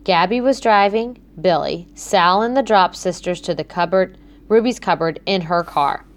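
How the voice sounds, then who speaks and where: A woman narrating a children's book in a clear, measured storytelling manner. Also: fairly low pitch. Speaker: audiobook narrator.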